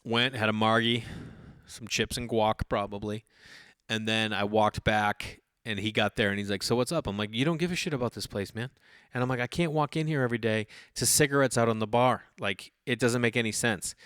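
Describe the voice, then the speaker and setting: A man in his thirties hosting his own podcast, telling a rambling, animated story with swearing and many restarts. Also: fairly low pitch, moderate pace, smooth, no echo, clean studio sound. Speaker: podcast host. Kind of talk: casual solo storytelling.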